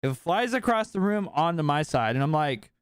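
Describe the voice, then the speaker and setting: Late-20s man, cursing, animated storyteller, slightly high, smooth tone; casual podcast chat. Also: moderate pace, dry recording, studio quality. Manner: animated, profane, heavy filler words. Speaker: podcast speaker.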